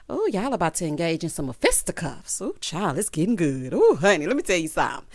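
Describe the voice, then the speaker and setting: A young adult woman giving a sassy, animated recap of a TV episode, tossing in "child" and "honey". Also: lowish voice, brisk, hardly any pauses. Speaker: TV recap vlogger. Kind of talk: casual TV recap commentary.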